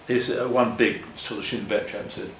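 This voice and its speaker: With a steady tone at normal speed, an older man speaks as a guest at a meeting hall, walking through slides while rambling earnestly and often correcting himself. His voice is mid-range and a bit bright. The recording is distant, with an echoey room and faint ambience.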